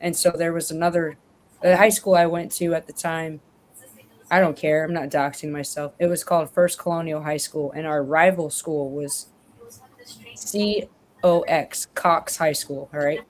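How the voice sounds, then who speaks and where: A woman's voice: low-pitched, steady tone, moderate pace, slight background noise. A woman in casual chat, rambling and correcting herself as she tells stories over a remote call.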